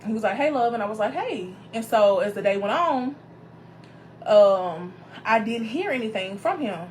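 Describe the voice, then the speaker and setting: A woman minister hosting her show, telling a personal story in a casual, animated way, calling her viewers y'all and greeting them by name as they join. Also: fairly high pitch, moderate pace, a little hiss or hum.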